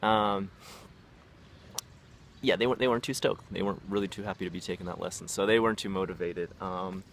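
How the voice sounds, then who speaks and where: Low-voiced man rambling casually. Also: steady tone, brisk, a bit bright, a little hiss or hum. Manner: rambling, filler-heavy, acts out quoted voices. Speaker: vlogger, former English teacher. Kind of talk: casual storytelling vlog.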